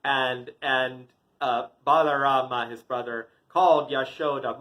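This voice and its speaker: Brief: unhurried male yoga teacher telling a children's tale, playful. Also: mid-range voice, poor audio. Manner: animated, playful with sound effects. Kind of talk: storytelling.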